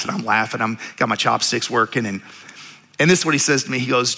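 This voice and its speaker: A man preaching a sermon as pastor, telling stories with animated, jokey asides. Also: medium pitch, a little fast, vocal fry. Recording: reverberant church hall.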